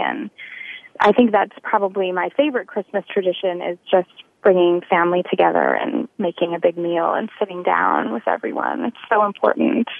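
A woman author answering interview questions in a friendly, measured way. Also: fairly low pitch, creaky, no echo. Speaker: author guest. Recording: tinny phone line.

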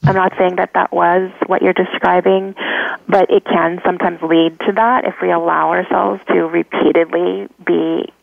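A woman's voice: fairly low pitch, flat delivery, normal speed, creaky, no echo. A woman hosting a talk show, giving casual advice and talking things through with fillers and restarts. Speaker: podcast host. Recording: tinny phone-line sound.

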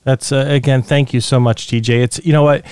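A man's voice: mid-range voice, steady tone, fairly quick, darkish tone, clean tone, no echo. A male host interviewing a guest, hesitant and full of fillers and repeated words.

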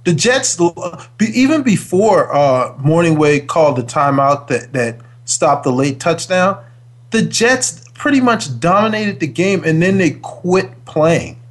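Emphatic, exasperated former football player. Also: male voice, fairly high pitch, big pitch swings, measured pace. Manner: emphatic, exasperated ranting with repeated words. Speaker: sports talk co-host, former pro football player. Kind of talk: casual sports debate.

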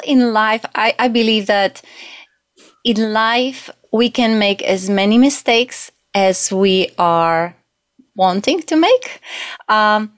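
A woman's voice: a little high, no echo. Woman guest, earnest and hesitant, dry close sound. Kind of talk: casual talk on a show.

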